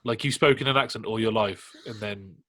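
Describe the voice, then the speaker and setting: A man's voice: fairly low pitch, fairly quick, pushed and bright. A British man co-hosting a podcast, chatting in an easygoing, conversational way. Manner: easygoing, conversational, reads out news stories. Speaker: podcast co-host. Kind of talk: casual chat.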